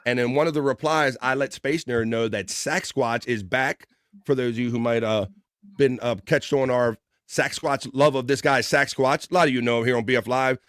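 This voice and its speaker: A man's voice: medium pitch, normal speed, no echo, clean studio sound. Joking man hosting a livestream. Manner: loose, joking, reads chat aloud with bursts of excitement. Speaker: livestream host. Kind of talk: casual chat reading viewer comments.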